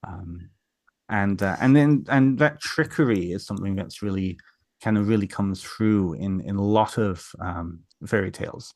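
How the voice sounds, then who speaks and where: Low-voiced man telling folk tales. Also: moderate pace, a little mellow, no room sound. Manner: rambling, many fillers and restarts. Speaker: guest. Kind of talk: casual storytelling in an interview.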